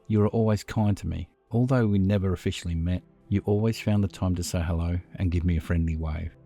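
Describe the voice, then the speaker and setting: A man voicing Zack, a calm and menacing old vampire leader, speaking solemnly and with command. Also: deep voice, brisk, faint music behind.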